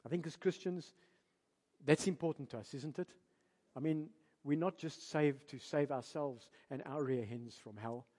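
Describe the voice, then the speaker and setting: A man with a South African accent preaching a sermon as a pastor, emphatic and animated, firing rhetorical questions at his congregation. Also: on the high side, moderate pace. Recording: long reverb of a large hall.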